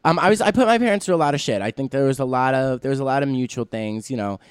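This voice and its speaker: A man's voice: medium pitch, rapid-fire, clean tone, no echo, clean studio sound. A young man, a stand-up comedian guest, chatting in a casual podcast interview, self-mocking and saying "like" constantly. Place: basement studio.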